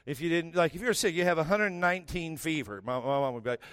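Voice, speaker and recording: A middle-aged man with a slightly high voice tells funny family stories as part of a sermon. His delivery is quick with joking asides, recorded close and dry. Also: a bit bright, smooth, no room sound. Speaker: preacher. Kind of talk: humorous sermon storytelling.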